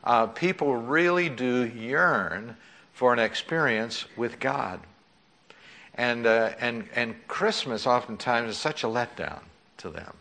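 A man's voice: medium pitch, lively intonation, slow, gravelly, sharp tone. A man preaching a sermon in a conversational way, with frequent fillers and restarts. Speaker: pastor.

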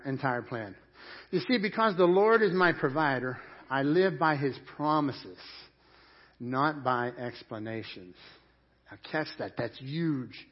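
Man preaching with dramatic swings. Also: high-pitched. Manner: preaching with swings from loud emphasis to hushed intensity. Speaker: pastor. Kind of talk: sermon. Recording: muffled lo-fi sermon recording. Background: church congregation.

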